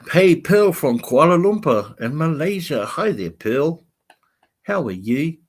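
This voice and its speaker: A man's voice: on the high side, sing-song, a little slow. Chatty man rambling on a livestream. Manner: rambling, chatty, laughs often. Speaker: vlogger host. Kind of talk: livestream chat reading comments.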